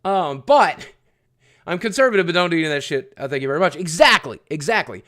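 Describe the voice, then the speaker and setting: High-voiced man ranting to his stream. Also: very animated, quick pace, fairly bright tone. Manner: rambling, profane, repeats phrases. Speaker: livestreamer. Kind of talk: casual rant to live chat.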